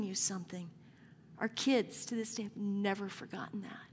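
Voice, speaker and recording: Female preacher, middle-aged, earnest conversational storytelling; mid pitch, reverberant sanctuary. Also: steady tone, moderate pace, slight background noise. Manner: earnest, conversational anecdote building to emotion. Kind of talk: sermon storytelling. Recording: long hall reverb.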